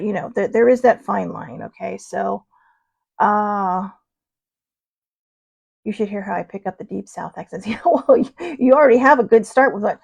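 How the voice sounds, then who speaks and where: A woman's voice: medium pitch, vocal fry, darkish tone, slightly rough. A woman hosting her own show in a casual chat style, wandering off topic and laughing often. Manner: rambling, digressive, laughs often. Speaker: show host.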